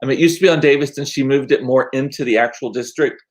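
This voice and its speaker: Man, rambling casual chat, self-deprecating, mid-pitched voice. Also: fast. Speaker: vlogger.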